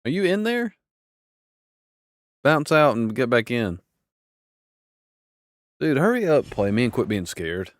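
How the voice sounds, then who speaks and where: A man's voice: medium pitch, very animated, slow, pauses often, no echo. A man in casual gaming chat with friends, teasing and trash-talking, stumbling over his words now and then. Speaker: gamer streaming with friends.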